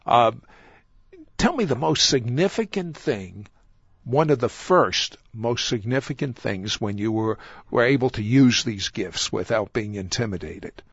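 Gravelly husky male interview host. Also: mid-range voice, lively intonation, no echo, highs cut off. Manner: halting, repeats words as he starts a question. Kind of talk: interview questions.

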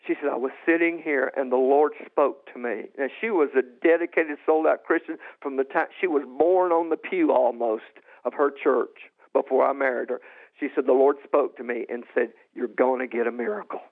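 A man telling his personal testimony with excitement, often restarting and repeating himself and jumping high and loud as he relives what happened. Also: normal speed, creaky. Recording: tinny phone-like sound.

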